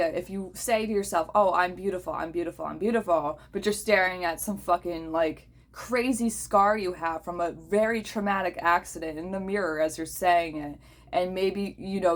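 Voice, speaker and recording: A woman with a somewhat low voice talks casually and bluntly. She swears freely and often pauses to ask her listener "okay?" Her delivery is direct and unfiltered. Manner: blunt, profane, checks in with "okay?". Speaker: host. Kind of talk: casual talk.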